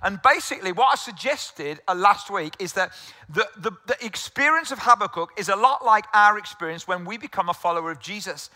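A man's voice: sits high, expressive, fairly quick, sharp tone, in a large hall. A middle-aged English man preaching a sermon as pastor, telling stories conversationally with rhetorical questions. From England.

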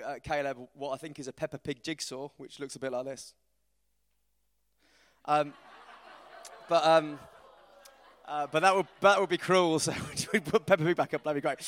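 A man, giving an informal, self-deprecating talk to a church group, animated as he tells stories. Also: on the high side, fairly quick. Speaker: preacher. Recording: reverberant hall.

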